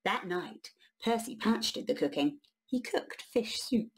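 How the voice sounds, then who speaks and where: A woman reading a children's picture book aloud, expressive and unhurried, with a breathy voice. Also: medium pitch. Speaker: children's storyteller.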